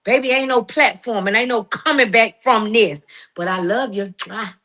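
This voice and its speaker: A woman's voice: on the high side, normal speed, fairly bright tone. A middle-aged woman in a heated, emphatic monologue, confronting someone with slang and preachy turns. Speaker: guest responding to critics.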